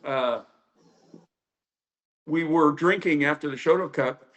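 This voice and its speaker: A man with a fairly high voice tells old training stories in a loose, rambling way. He fills the gaps with "uh" and "you know" and acts out what others said. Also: slow pace, fairly bright tone. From United States. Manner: anecdotal, many fillers, acts out quotes. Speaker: karate instructor. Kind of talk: storytelling interview.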